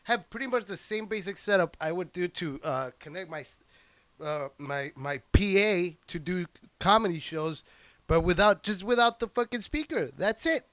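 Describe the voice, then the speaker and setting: High-voiced, cursing, rambling podcast guy. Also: moderate pace, no echo. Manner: profane, excitable, rambling with many restarts. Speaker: podcast host and stand-up comic. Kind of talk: casual rambling podcast chat. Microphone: handheld microphone plugged into a computer.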